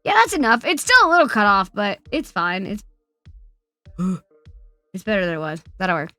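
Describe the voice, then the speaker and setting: Woman streamer w bright sharp voice, curses a ton, jumps from yelling to mumbling, dry close mic. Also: medium pitch, no room sound, faint music behind. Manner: profane, excitable, quick swings between loud outbursts and muttering. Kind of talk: casual chat with stream chat.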